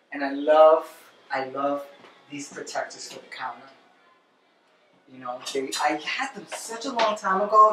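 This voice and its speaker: Chatty flamboyant woman cooking. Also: low voice. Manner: chatty, flamboyant, talks to viewers. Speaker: cooking show host. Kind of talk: cooking demonstration. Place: home kitchen. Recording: roomy kitchen, distant mic, noisy.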